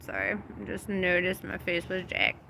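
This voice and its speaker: A woman's voice: on the low side, little pitch movement, moderate pace, creaky, sharp tone, slight background noise. A young woman vlogging about faith in a casual, loose storytelling monologue, laughing often and swearing freely. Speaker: spiritual vlogger.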